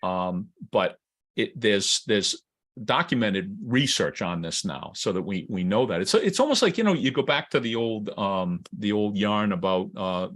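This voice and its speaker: Low-ish guy cohosting, lots of restarts and laughs. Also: animated, measured pace, a bit bright. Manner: hesitant, many restarts and fillers; laughs often. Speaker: co-host. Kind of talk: casual legal discussion.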